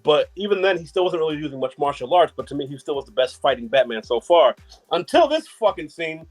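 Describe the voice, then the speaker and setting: Laid-back guy talkin movies, slangy and sweary, a bit high voice. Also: big pitch swings, fast talker, faint music behind. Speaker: podcast guest. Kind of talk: casual movie discussion.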